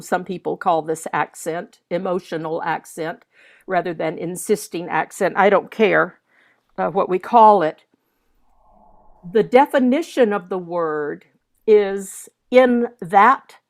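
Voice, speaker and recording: Slow, deliberate older woman coaching. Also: medium pitch. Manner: deliberate, spells out French words syllable by syllable. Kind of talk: masterclass teaching.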